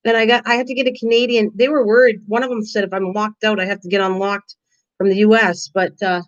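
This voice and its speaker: Speaking quickly in a flat, mid-range voice, an older craft host rambles through a casual live stream. She addresses viewers' comments by name over dull lo-fi stream sound.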